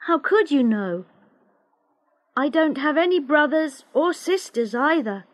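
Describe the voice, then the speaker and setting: A woman reading the lines of a quiet, serious schoolboy in a storybook, soft and guarded. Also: high-pitched, animated, measured pace, no echo, pitched above the performer's own voice. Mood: calm.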